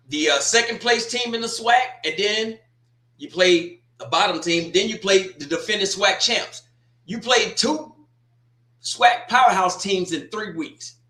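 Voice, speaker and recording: A man's voice: high voice, sharp tone, reverberant. A man hosting a sports talk show, rambling through a casual opinion monologue with folksy asides.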